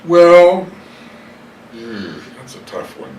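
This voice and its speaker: A man's voice: fairly high pitch, very animated, very slow, a little mellow. An older man being interviewed, telling stories from his past in a rambling, hesitant way, full of fillers and self-corrections. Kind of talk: reflective storytelling interview. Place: hotel room. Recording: echoey room, distant mic, faint hiss.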